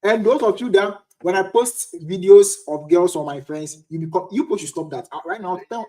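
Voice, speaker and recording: A man's voice: high voice, a little fast, mellow. A young Ghanaian man in his twenties hosting a casual livestream chat and answering viewers' questions. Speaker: livestream host. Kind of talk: casual live-stream chat.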